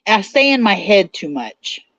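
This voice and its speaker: Very animated yet unhurried, a woman with a medium-pitched, fairly bright voice runs a casual livestream, reading and answering viewer comments. There's no room sound, and the audio is dull and somewhat lo-fi.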